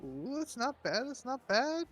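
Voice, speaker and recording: A man running a tabletop game as game master, relaxed and often laughing. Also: very high voice, a little slow.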